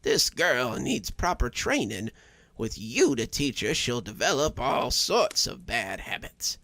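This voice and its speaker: A man doing a raspy, stubborn old widow. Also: mid-range voice, very animated, pushed and bright, no room sound, full character voice. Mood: scolding. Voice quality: raspy, wet and wheezing. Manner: slow, drawn-out delivery. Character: frail, sickly old widow who runs a shop, stubborn and proud. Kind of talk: storybook reading.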